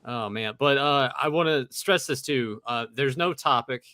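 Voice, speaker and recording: A man co-hosting a podcast in casual chat, laid-back but animated as he talks. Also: medium pitch, moderate pace, no room sound, studio quality. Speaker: podcast co-host.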